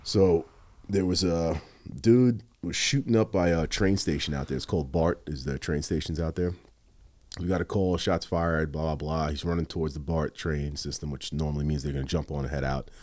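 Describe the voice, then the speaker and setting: A man, a former police officer, telling stories on a podcast in a casual, animated way, swearing a lot and acting out what he said at the time. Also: rumbling low, normal speed. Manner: animated, heavy swearing, quotes himself. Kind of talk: casual storytelling.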